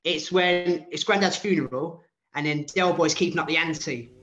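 A man in his late thirties hosting a casual podcast chat, talking in an animated way with frequent laughs. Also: fairly high pitch, moderate pace. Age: 30s. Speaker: podcast host. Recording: dull lo-fi sound.

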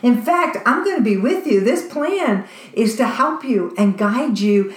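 Woman doing a reassuring divine voice, urging, lifted pitch, roomy room. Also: lively intonation, unhurried. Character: patient, reassuring divine voice, male. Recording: roomy echo.

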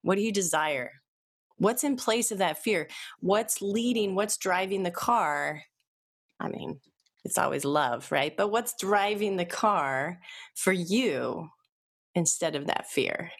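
A woman hypnotherapist leading a live online group session, chatting gently with viewers and then guiding a slow, soothing hypnosis induction. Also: on the low side, lively intonation, slightly rough. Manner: gentle, conversational, reads chat comments aloud.

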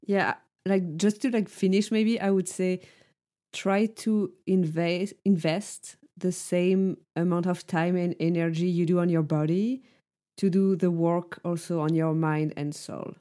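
A woman's voice: on the low side, steady tone, unhurried, dark tone. A woman co-hosting a podcast, speaking earnestly in casual chat and filling her sentences with "like". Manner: frequent "like" fillers, earnest. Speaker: podcast co-host.

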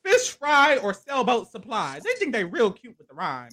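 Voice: mid-range voice, huge pitch swings, moderate pace, a bit bright. A podcast co-host chatting casually through a reality-show recap, playful and profane, laughing often and acting out what contestants said. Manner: loose, profane slang.

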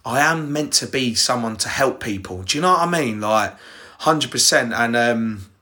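Young English man, podcast host, bright tense tone, loose rambling delivery with frequent swearing. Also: mid-range voice, lively intonation, normal speed. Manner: rambling, sweary, direct address to listeners. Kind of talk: casual personal storytelling.

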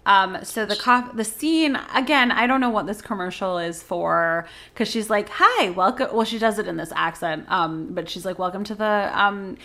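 Young woman rambling on a podcast, bright voice, repeats stuff for laughs. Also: medium pitch, normal speed, hardly any pauses. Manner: animated, repeats words for comic emphasis. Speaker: podcast co-host. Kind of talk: casual chat.

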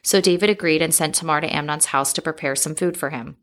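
Woman, fairly low voice, scripture reading, even measured narration. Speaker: scripture reader.

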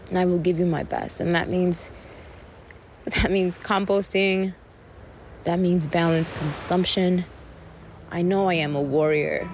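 A woman's voice: fairly low pitch, steady tone, measured pace, pauses often, a little hiss or hum. A woman hosting a podcast, speaking an earnest, meandering monologue while on a mushroom trip, with sighs and the odd swear word. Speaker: podcast host. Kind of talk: spoken reflective monologue.

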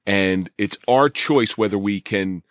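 A man hosting a podcast who asks questions and reflects in a measured, philosophical way. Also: on the low side, no room sound, clean studio sound. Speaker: podcast host.

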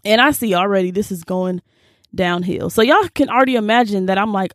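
A young woman hosting a casual Bible reading, expressive and slangy, reacting aloud as she reads. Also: medium pitch, fairly quick, dry recording, studio quality. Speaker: video host.

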